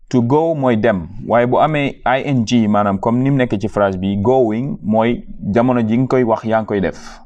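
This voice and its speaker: A man with a Wolof accent teaching a beginner language lesson, repeating each phrase slowly and patiently before explaining it. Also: mid-range voice, darkish tone, lo-fi sound.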